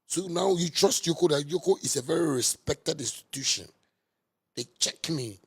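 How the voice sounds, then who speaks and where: A man with a Ghanaian Pidgin English accent delivering a heated, scolding monologue that repeats and mocks, bursting into sudden loud outbursts. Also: on the high side, lively intonation, moderate pace, slightly rough. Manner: repetitive and mocking. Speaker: musician. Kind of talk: ranting monologue.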